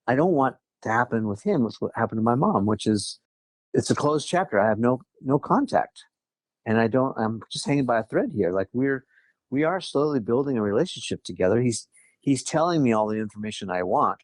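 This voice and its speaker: A man's voice: medium pitch, lively intonation, normal speed, dry recording. A man from Southern California, a podcast guest, telling a personal story in a chatty way, quoting conversations and laughing lightly now and then. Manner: chatty, quotes others, frequent light laughs. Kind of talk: casual interview storytelling.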